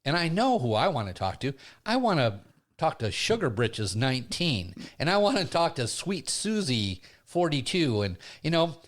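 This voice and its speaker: A middle-aged man hosting a studio chat, telling a comic story in a gregarious, animated way. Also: moderate pace. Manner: animated, gregarious storyteller, big pitch swings. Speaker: podcast host and comedian.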